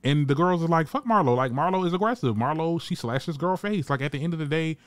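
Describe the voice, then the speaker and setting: A man with a slightly high voice talks fast, with no echo, recapping a reality TV show. As a reviewer, he's sassy, blunt and casual, swearing freely and animatedly performing what cast members said.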